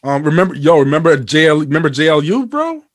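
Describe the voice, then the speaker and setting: A man co-hosting a casual podcast chat, rambling with many fillers and restarts, and getting animated and profane when worked up. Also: a little high, quick pace. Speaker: podcast co-host.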